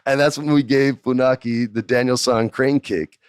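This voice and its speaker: A man hosting a podcast, telling a story casually, animated and profane, jumping up high in pitch for emphasis. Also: normal speed, clean tone, no room sound, studio quality. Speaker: podcast host.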